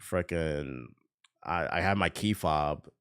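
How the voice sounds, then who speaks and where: A man streaming a game while telling a story casually, animated, swearing and laughing a lot. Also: very deep voice, slow pace, clear, resonant tone. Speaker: gaming streamer.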